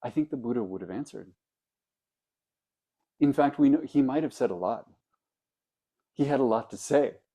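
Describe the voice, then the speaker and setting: A man, a Zen teacher, giving a dharma talk, telling stories in a reflective way with pauses. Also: mid-range voice, lively intonation, dark tone.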